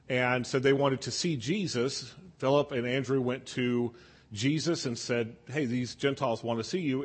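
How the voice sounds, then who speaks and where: A man's voice: medium pitch, husky. A man leading an evening Bible study class, explaining scripture conversationally and asking the group questions. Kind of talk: casual Bible class teaching.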